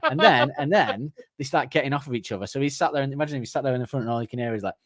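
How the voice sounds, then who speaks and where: A man's voice: mid-range voice, lively intonation, rapid-fire, no room sound, studio quality. A man co-hosting a podcast, rambling through comic stories in casual chat and acting out other people's voices. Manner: rambling storyteller, acts out voices in quotes. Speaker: podcast co-host.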